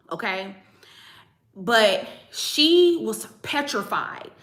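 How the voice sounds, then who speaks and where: Bright-voiced woman telling a story, echoey room. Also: mid-range voice. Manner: chatty, emphatic, speaks straight to viewers. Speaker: spiritual channel host. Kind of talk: casual spiritual storytelling.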